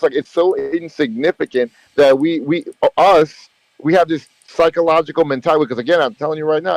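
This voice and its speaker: A man's voice: fairly high pitch, darkish tone, no room sound, poor audio. A man hosting a casual voice chat, talking emphatically and at length, repeating himself and swearing freely. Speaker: gaming channel host. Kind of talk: casual group voice chat about a mobile strategy game.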